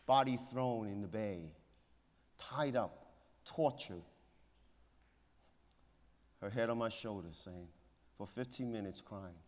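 A male pastor preaching a sermon with earnest emphasis, dropping to hushed tones and rising again. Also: takes it slowly, pauses often. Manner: earnest, swings between loud emphasis and hushed low tones. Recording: long hall reverb.

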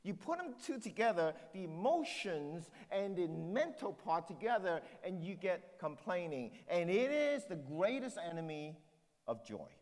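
A man's voice: sits high, sing-song, a little slow, darkish tone, in a large hall. A man preaching a sermon as pastor, driving points home with rhetorical questions.

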